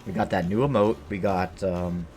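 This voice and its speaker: A man's voice: low voice, steady tone, moderate pace, a little mellow, soft background music. A man chatting casually with his live-stream viewers while playing a game, rambling and joking with the chat.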